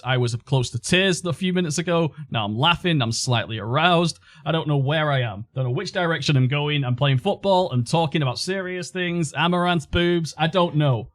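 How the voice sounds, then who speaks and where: A man's voice: on the high side, dry recording, clean studio sound. Sarcastic joking male streamer. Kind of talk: casual stream chat.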